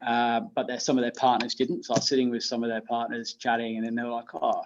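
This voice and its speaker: Casting: young English teacher, animated chatty guest, slightly dull lo-fi recording. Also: male voice, mid-range voice, fast talker, slight background noise. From England. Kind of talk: casual chat.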